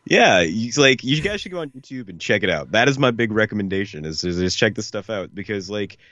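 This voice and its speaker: A man's voice: on the low side, big pitch swings, brisk, fairly bright tone, dry recording. A man co-hosting a podcast, chatting casually and rambling with enthusiasm, full of fillers like "like" and "you know.". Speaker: podcast co-host. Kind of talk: casual chat. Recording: dull lo-fi podcast audio.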